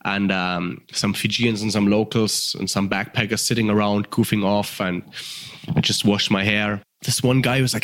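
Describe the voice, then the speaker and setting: A man from Germany with a German accent, telling a story in casual conversation, swearing freely and full of fillers. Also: normal speed. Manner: animated, acts out voices with sudden high pitch jumps. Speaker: guest.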